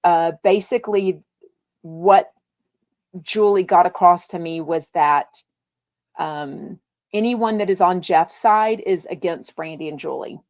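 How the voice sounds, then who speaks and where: A woman's voice: fairly low pitch, slow pace, a little mellow, no echo, studio quality. A woman from Texas, hosting a live podcast, chatting casually and reading out viewer comments in a bubbly, gushing way with lots of fillers. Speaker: podcast host.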